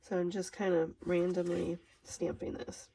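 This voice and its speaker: A woman's voice: fairly low pitch, level tone, a little slow, creaky, mellow, low-quality recording. A woman with a Minnesotan accent, talking casually through a stamping craft tutorial in a chatty, rambling way, often laughing at herself. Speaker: craft demonstrator.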